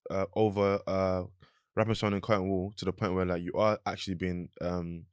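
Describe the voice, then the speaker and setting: Young man, podcast host; very low voice, halting and thoughtful, dry close sound. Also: level tone, clean tone, no room sound. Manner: thoughtful, halting, with many restarts. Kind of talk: casual chat.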